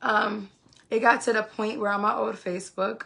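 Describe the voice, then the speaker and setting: Gravelly, bright young New woman. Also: medium pitch, steady tone, normal speed. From Queens, New York. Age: 20s. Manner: profane, emphatic, heated storytelling. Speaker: live streamer. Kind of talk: casual livestream storytelling. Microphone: phone livestream.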